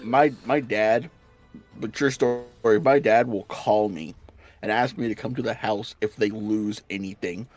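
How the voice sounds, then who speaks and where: A man's voice: lowish voice, measured pace, a little mellow, faint music behind. A man chatting as a guest on a stream, teasing with dry humor. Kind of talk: casual chat.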